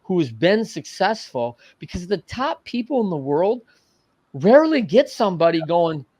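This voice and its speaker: Animated male storyteller, slightly higher voice. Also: normal speed, dry recording. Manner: animated storyteller, says "man" and "right" a lot. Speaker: podcast guest, coach and entrepreneur. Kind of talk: storytelling in a casual interview. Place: podcast studio.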